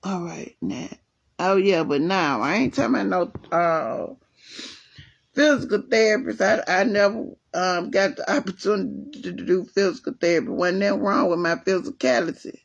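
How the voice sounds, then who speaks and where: A woman hosting a casual livestream from home, chatting and reading viewer comments while telling a story in a lively way. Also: lowish voice, normal speed, vocal fry, dull audio. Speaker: livestream host. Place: at home, resting with leg elevated.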